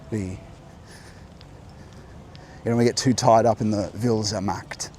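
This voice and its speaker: Man, mid-pitched voice, wandering walk-and-talk vlogger who keeps interrupting himself, clip-on mic, faint outdoor ambience. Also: fairly even intonation, measured pace, long pauses, a little mellow, slight background noise. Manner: rambling, musing, self-interrupting. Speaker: host. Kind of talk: walking vlog monologue. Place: outdoor coastal walk by a beach.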